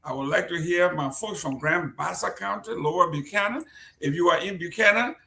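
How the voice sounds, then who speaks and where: A man's voice: sits high, moderate pace, vocal fry, sharp tone. A man from Liberia hosting a live-streamed talk show, chatty and joking as he reads out viewers' greetings. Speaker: host. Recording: roomy echo.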